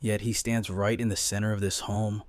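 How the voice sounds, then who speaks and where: A man narrating a comic story recap in a measured, dramatic storytelling manner. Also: fairly low pitch, little pitch movement, no echo.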